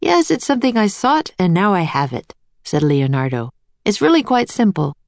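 A woman's voice: medium pitch, sing-song, normal speed, vocal fry, darkish tone, no room sound, pitched above the performer's own voice. A woman doing a gracious, boastful master artist. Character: grand, cheerful man, an older artist genius.

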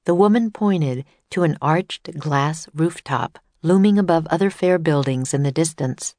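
A woman narrating a children's storybook in a clear storytelling manner. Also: sits low, unhurried, darkish tone, no room sound. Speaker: audiobook narrator.

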